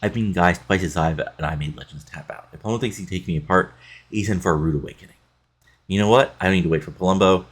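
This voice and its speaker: A man's voice: low-pitched, quick pace, breathy edge. A man reading out the lines of an arrogant male wrestler sneering at bikers. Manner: sneering, read aloud plainly.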